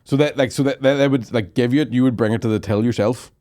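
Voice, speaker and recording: A man's voice: medium pitch, fast, warm tone. A young man, co-hosting a podcast, telling crude stories in casual banter. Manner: crude, swearing, joking storyteller. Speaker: podcast co-host.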